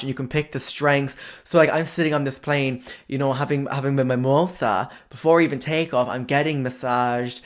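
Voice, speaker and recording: A man, a podcast host telling a comic story in an exaggerated, sweary, animated way. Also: medium pitch, moderate pace, few pauses.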